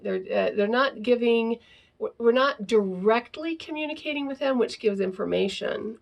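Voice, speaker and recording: A woman's voice: mid-range voice, gravelly. A woman teaching parents in a casual talk, often ending sentences with the question "right?". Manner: acts out example phrases to children.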